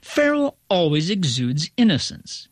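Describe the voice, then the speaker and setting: A male critic reading a scripted review in a wry, articulate, measured way. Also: sits high, big pitch swings, dry recording, clean studio sound.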